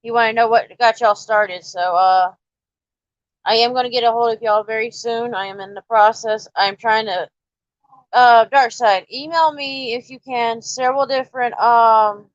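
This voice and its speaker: A fairly high-voiced woman with a drawl hosts a casual live stream, coaxing and teasing her viewers. The sound is dry and a bit muffled, as if from a basic mic. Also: steady tone, moderate pace, dry recording. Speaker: livestream host.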